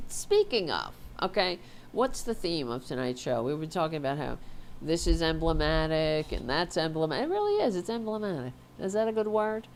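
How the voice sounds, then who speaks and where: A woman's voice: sits low, slight background noise. A woman hosting a political talk show, congested and stuffed up, talking bluntly and indignantly with profanity and frequent restarts. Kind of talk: opinionated political commentary.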